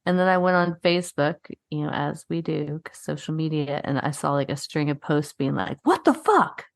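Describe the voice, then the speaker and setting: A woman's voice: sits low, brisk, vocal fry, no echo. A woman co-hosting a podcast in casual chat, telling a story animatedly with lots of swearing and "like". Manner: profane, animated storytelling, frequent "like". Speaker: podcast co-host.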